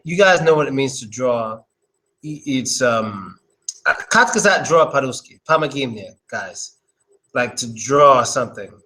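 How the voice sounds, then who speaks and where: A man's voice: medium pitch, bright, forceful tone, low-quality recording. A young man giving a casual, chatty English pronunciation lesson, drilling words over and over. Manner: chatty, loose, repeats words.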